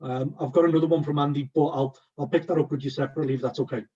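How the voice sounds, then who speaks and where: A man giving a casual webinar talk as guest speaker, croaky, with many ums and restarts. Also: fairly high pitch, steady tone, rapid-fire, mellow. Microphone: video call. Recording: muffled distant video-call audio.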